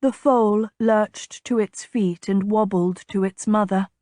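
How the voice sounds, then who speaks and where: Woman audiobook narrator, medium pitch, unhurried even delivery, dry booth sound. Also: dry recording. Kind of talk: scripted romance narration.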